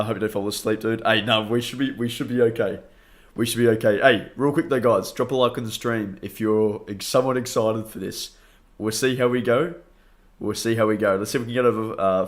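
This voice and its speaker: Aussie guy on a late night stream, bit tired, lowish voice, chatty and upbeat. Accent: Australian. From Australia. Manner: upbeat, greets chat by name, laughs often. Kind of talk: casual live stream chat.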